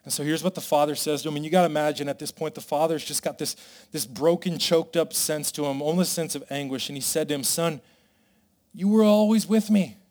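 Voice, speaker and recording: High-voiced man preaching a lively sermon. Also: fast. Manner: animated, voices the brothers' complaints dramatically. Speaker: pastor.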